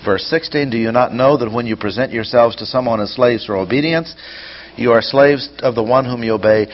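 A man teaching scripture verse by verse, reading passages aloud, then explaining them and asking rhetorical questions. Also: medium pitch. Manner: poses rhetorical questions to listeners. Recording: dull lo-fi sound with faint noise.

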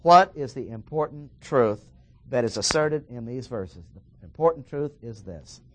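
A man preaching a verse-by-verse sermon, emphatic and slowing down to stress the key words. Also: mid-range voice, expressive, a little hiss or hum.

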